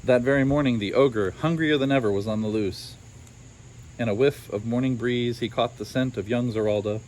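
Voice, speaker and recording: A man's voice: medium pitch, moderate pace, a little mellow, slight background noise. A man reads a children's storybook aloud outdoors, breaking in now and then with dry, wry asides. Faint crickets and insects chirp behind him.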